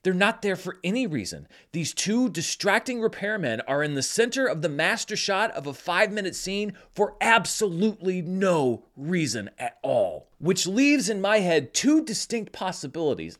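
A man delivering a scripted film review in an animated, wry and incredulous manner. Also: sits high. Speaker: film critic.

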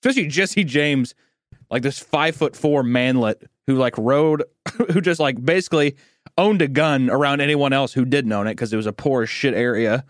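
A man's voice: medium pitch, normal speed, no room sound, studio quality. Ranting, profane man. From Missouri, United States. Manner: profane, ranting, acts out quoted people. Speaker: podcast co-host. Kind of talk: casual chat.

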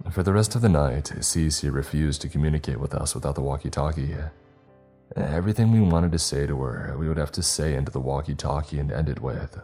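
A man reading a horror story as narrator in a measured, steady storytelling voice. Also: very deep voice, soft background music.

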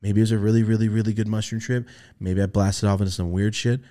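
A young man on a podcast telling a story in casual chat, swearing freely and acting out the voices he quotes. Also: fast. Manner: animated, swearing, acts out quoted voices in a high pitch. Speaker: podcast host.

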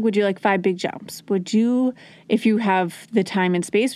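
A young adult woman teaching parents how to calm toddlers, earnest and coaching, softly acting out what to say to a child. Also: medium pitch, moderate pace. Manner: earnest, coaching, acts out gentle lines to a child. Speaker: parenting educator. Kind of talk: instructional talk to parents.

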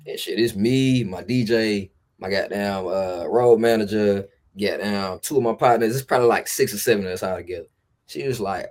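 A man's voice: fairly low pitch, fairly quick, a little mellow. A man chatting as a podcast guest, telling loose, profane stories in a laid-back way. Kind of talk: casual storytelling chat.

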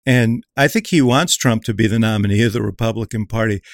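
A man's voice: lowish voice, fairly quick, vocal fry, dry recording, clean studio sound. A man in a political panel discussion, chatty and anecdotal. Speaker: political commentator.

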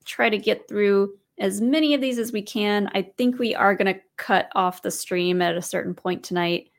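Relaxed female live-stream co-host. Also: medium pitch, normal speed, creaky. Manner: relaxed, light laughs, thinks aloud. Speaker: podcast co-host. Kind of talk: casual live-stream chat.

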